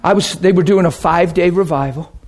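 A man preaching a sermon and telling stories, swinging from loud excitement to hushed, quiet asides. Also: high voice, brisk. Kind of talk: sermon storytelling.

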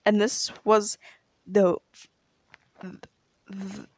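A woman's voice: mid-range voice, level tone, extremely slow, a little hiss or hum. A young woman telling a rambling personal story in a casual chat, laughing often and saying "like" a lot. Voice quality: chatty, laughs often, fills with "like". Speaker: tennis player answering questions.

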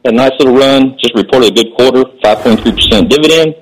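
Husky upbeat male caller. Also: medium pitch, fast talker, low-quality recording. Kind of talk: phone-in question.

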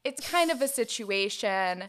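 In a laid-back podcast conversation, a twenty-something woman co-host tells a story in a slow, expressive, somewhat bright voice that sits on the higher side. She's chatty and keeps reaching for "like" as a filler.

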